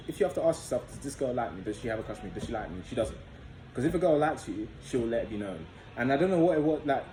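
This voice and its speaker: A man's voice: mid-range voice, darkish tone. A young man telling a story to his vlog audience in a loose, profane, casual way, full of fillers. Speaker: vlogger. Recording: echoey room with faint background noise.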